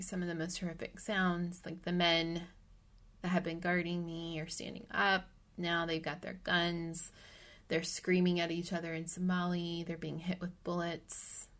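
A middle-aged woman from the American Midwest speaks in a voice sitting a bit low for a woman. She retells her story as a podcast guest, animated and vivid, and now and then sinks into a hushed whisper. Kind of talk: personal storytelling in an interview.

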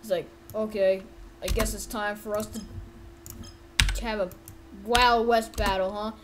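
A woman giving playful, rambling commentary over a sandbox game, often yelling in mock pain. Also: medium pitch, fairly even intonation, measured pace, noisy background. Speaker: gameplay video creator. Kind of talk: casual gameplay commentary. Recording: keyboard typing and clicks behind.

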